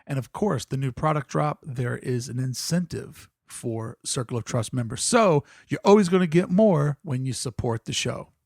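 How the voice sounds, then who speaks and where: A man hosting a podcast, reading a chatty, energetic promo for the show. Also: mid-range voice, normal speed, creaky, hardly any pauses, dry recording, clean studio sound. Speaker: podcast host.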